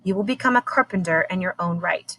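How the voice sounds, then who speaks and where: A woman reading aloud as a badly wounded colonial captain, delivering his lines slowly, low and quiet. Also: slight background noise, low-quality recording. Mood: weary.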